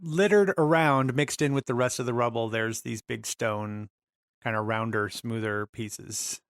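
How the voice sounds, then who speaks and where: A man's voice: mid-range voice, measured pace, dry recording, clean studio sound. A man running a tabletop game as game master, narrating scenes and laughing often.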